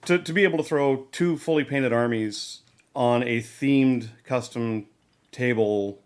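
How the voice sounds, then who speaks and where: A man's voice: mid-range voice, unhurried, a little mellow. A man hosting a casual hobby podcast, talking loosely with fillers and restarts. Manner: rambling, many restarts and fillers. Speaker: podcast host.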